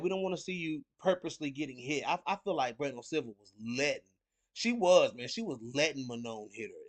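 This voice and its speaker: Rambling man previewing fights. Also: fairly high pitch. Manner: rambling, repeats words, heavy fillers. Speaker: host of a fight picks show. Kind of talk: casual fight preview talk.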